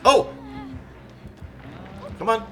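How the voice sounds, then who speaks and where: A man doing live gameplay commentary, joking and chatting with viewers in rambling asides. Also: extremely slow. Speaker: game streamer.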